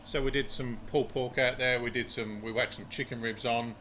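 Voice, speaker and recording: A man's voice: mid-range voice, fairly even intonation, fairly quick, bright, forceful tone, slight background noise. An Australian man co-hosting a casual chat show, bantering in a matter-of-fact way. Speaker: podcast co-host.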